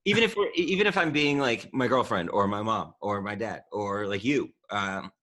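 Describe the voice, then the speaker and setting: A man's voice: on the low side, expressive, moderate pace, pushed and bright. A man hosting a podcast, talking in casual chat and often searching for words. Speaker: podcast host.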